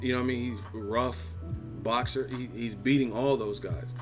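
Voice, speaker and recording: A man's voice: medium pitch, fairly even intonation, moderate pace, over music. A man hosting a boxing live-stream chat, ranting and mocking viewers with lots of swearing. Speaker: boxing channel host.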